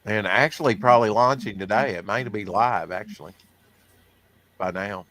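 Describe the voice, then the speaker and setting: A man's voice: lowish voice, normal speed, a bit bright, dry recording. A man hosting a comics podcast, reading news in a rambling, casual way, with lots of fillers. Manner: rambling, filler-heavy, self-deprecating. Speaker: podcast host.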